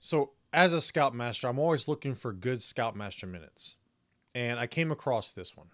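A man's voice: mid-range voice, normal speed, a bit bright, no echo. Man, podcast host, scoutmaster, casual, friendly, upbeat, dry close sound. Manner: friendly, upbeat, tells dad jokes.

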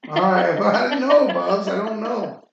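This sports podcast host has a high, gravelly, expressive voice and a moderate pace, with a little hiss or hum in the background. His casual chat rambles, leans heavily on fillers, and is full of profanity, recorded in an echoey room with muffled sound.

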